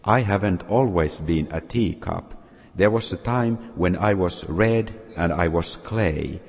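A man voicing a suffering talking teacup that pleads and cries out, told in a slow storytelling way. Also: low voice, gravelly, a little mellow, slightly rough, heavily acted. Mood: pleading. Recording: long hall reverb.

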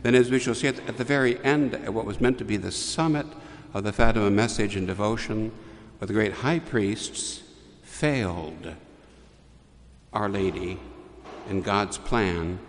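A man preaching a homily, telling a story in a measured way with restarts and pauses. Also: fairly low pitch, in a large hall. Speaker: priest.

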